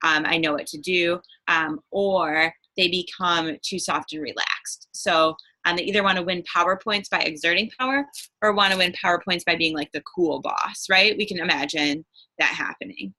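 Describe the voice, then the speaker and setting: A young woman with a bright, slightly low voice coaches new camp leaders in a casual talk. She checks in with 'right?' and fills gaps with ums. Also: normal speed, low-quality recording. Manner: chatty, frequent 'right?' and 'um'.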